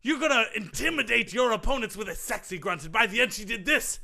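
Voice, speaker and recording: A pompous grunt coach, high-pitched and bright, as a man plays him in a comedy podcast sketch. He swings his pitch all over the place while boasting about his famous pupils. His grunt demonstrations burst out loud and exaggerated. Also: expressive, quick pace, gravelly, heavily acted. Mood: smug. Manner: pompous and self-congratulating. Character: boastful male tennis grunt coach, self-important. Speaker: sketch character.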